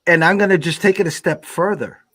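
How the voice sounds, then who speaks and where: A man's voice: high voice, a little fast, fairly bright tone, dry recording. A man co-hosting a sports betting show, talking casually and building his point step by step.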